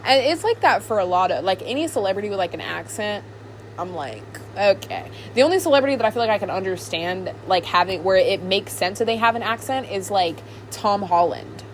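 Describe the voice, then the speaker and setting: A woman's voice: medium pitch, lively intonation, fairly quick, slight background noise. A woman hosting a podcast, chatting casually and ranting with animation and plenty of fillers. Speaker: podcast host. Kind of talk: casual opinionated chat.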